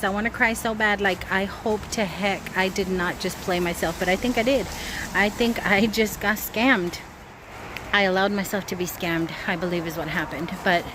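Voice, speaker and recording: A woman vlogging casually to her phone camera about a scam call she just got, chatty and anxious as she sets up a cookout by her grill. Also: medium pitch. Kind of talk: casual vlog talking to camera. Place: outdoors by a grill. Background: wind and outdoor ambience.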